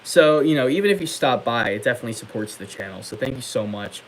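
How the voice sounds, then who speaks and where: A young man talks casually on his livestream at a middle pitch, chatting and answering viewer comments. There is faint noise behind him. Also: expressive, fast talker, low-quality recording. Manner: chatty, reads comments aloud and answers them, many fillers. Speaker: livestream host.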